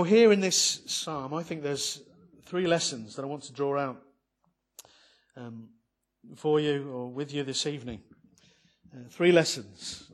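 A man preaching an evening sermon on a psalm, earnest and building to fervent emphasis, with many restarts. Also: medium pitch.

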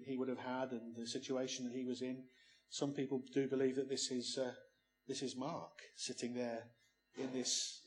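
A man preaching a sermon, emphatic, often ending points with rhetorical questions. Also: mid-range voice.

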